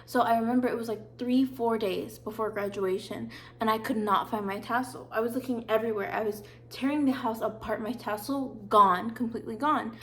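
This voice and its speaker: Young woman in her twenties, vlogger, fairly high voice, chatty, filler-packed, dramatic storytelling. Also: steady tone, a little fast, slight background noise. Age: 20s. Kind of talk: casual storytelling.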